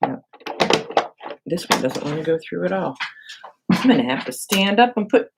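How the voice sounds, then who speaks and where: A woman's voice: lowish voice, fairly quick, creaky. A woman hosting a casual live crafting demo, chatty and self-mocking, thinking aloud while she works and talking to viewers. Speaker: crafting channel host. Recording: steady background noise with clicks.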